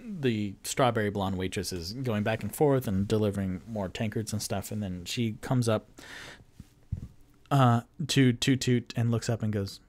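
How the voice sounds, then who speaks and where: A man's voice: fairly low pitch, normal speed. A man narrating a solo tabletop game as game master, meandering with many fillers.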